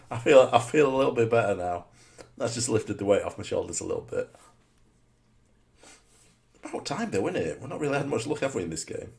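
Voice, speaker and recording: Commentating live on a football game he's playing, a man mutters rhetorical asides and erupts in sudden excited shouts. His medium-pitched voice is gravelly and brisk, with long pauses.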